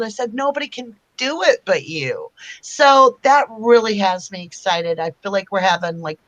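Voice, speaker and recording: A woman's voice: medium pitch, a bit bright. A woman hosting a casual live-stream chat from home, chatting loosely and greeting viewers by name as she reads their comments aloud. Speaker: host of a live chat show.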